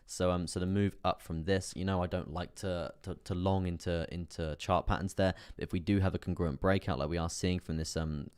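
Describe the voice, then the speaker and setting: A man's voice: sits low, level tone, a little fast, hardly any pauses, a little mellow, clean tone, no echo, clean studio sound. A man hosting a live trading stream, chatting casually with many fillers as he reads out chart analysis. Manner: chatty, filler-heavy, laughs often while reading chat.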